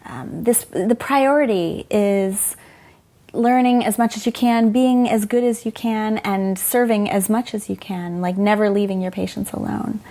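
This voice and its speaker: A woman's voice: medium pitch, unhurried, mellow. A middle-aged woman, a former doctor, telling frank, emotional stories in an interview and quoting people as she goes. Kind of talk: candid conversational storytelling.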